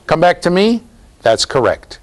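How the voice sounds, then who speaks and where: A man lecturing a university class in a lively, jokey way, talking straight to the students. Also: on the high side, a little slow, a little hiss or hum. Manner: animated, jokey, talks to students directly.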